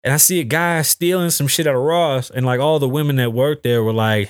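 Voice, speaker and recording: A man's voice: mid-range voice, brisk, no echo, studio quality. A young man hosting his own talk show, riffing casually with lots of swearing and acted-out quotes. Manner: profane, animated storytelling with acted-out quotes. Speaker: podcast host. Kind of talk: casual solo commentary.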